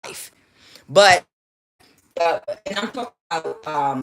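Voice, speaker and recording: A woman giving a casual tarot reading, animated and sassy, laughing often and calling the listener child. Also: low voice. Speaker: tarot reader.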